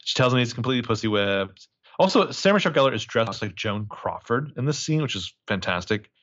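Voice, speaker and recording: A man's voice: mid-range voice, lively intonation, quick pace, fairly bright tone, muffled recording. A man casually recapping a movie as a podcast co-host, crude and joking, rambling with lots of fillers.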